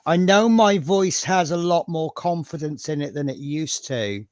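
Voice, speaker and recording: A man's voice: a little high, unhurried, dry recording. A man with a Norfolk accent hosting a live stream, talking in a chatty, rambling, self-deprecating way. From Norfolk, England. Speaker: stream host. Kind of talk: casual live-stream chat.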